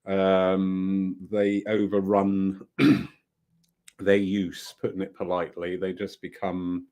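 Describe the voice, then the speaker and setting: A spiritualist centre organiser, a man with a deep, monotone voice, speaks slowly as he gives viewers a live update on upcoming events at his centre. He's warm and enthusiastic, rambling on and laughing frequently.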